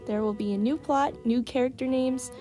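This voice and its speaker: A woman's voice: fairly high pitch, fairly even intonation, normal speed, mellow, soft background music. A young woman casually reading her old fan stories aloud and chatting about them, giggling and reacting as she goes.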